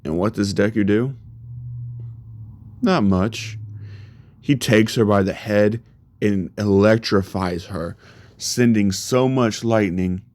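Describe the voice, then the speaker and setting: A man's voice: fairly low pitch, a little mellow, no echo. A man casually narrating a fan story in a loose, chatty way with many fillers.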